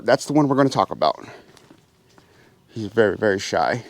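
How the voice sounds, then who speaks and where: A man's voice: lowish voice, sing-song, normal speed, gravelly. A man hosting a casual farm vlog from outdoor aviary pens, chatting to viewers and talking to his birds in a raised, coaxing voice. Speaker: pheasant farmer and channel host. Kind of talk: casual vlog narration while doing chores.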